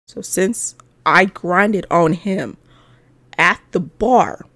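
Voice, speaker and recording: A woman's voice: fairly low pitch, sing-song, drawn-out words, a bit bright. Sassy, swearing young woman gamer. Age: 20s. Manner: playful, sassy and swears freely. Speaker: gaming video host. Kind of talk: casual let's-play commentary.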